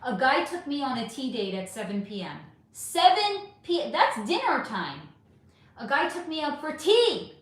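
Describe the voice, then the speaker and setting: A woman's voice: high-pitched, big pitch swings, moderate pace. A middle-aged woman hosting a casual livestream, reading chat comments aloud and ranting with plenty of swearing. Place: home room. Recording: echoey room.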